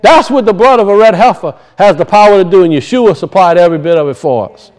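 In a rough recording, a middle-aged man with a notably high voice preaches a fast, lively sermon. His pitch swings up and down, he circles back and restarts phrases for emphasis, and he slips into acted-out quoted voices.

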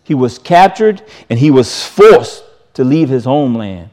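A man preaching a sermon, repeating phrases and swinging between raised, emphatic lines and quiet, drawn-out ones. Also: medium pitch, big pitch swings.

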